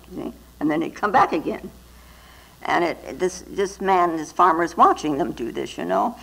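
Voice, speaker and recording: A woman's voice: low-pitched, gravelly, fairly bright tone, rough recording. A woman Zen teacher giving a dharma talk, telling stories and often adding little tag questions. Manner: storytelling with frequent tag questions.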